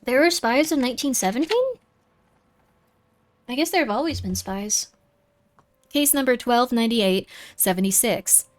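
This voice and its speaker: A woman's voice: a little high, expressive, normal speed, long pauses. A woman streaming a game live, chatting playfully and reading the on-screen text aloud. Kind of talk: live-streamed gameplay commentary.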